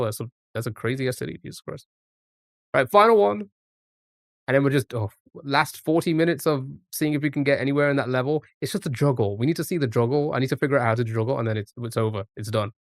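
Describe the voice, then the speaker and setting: A man's voice: medium pitch, fast talker, hardly any pauses, no room sound. A man streaming a guessing game, thinking aloud in a rambling way full of restarts and fillers. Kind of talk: casual live-stream commentary.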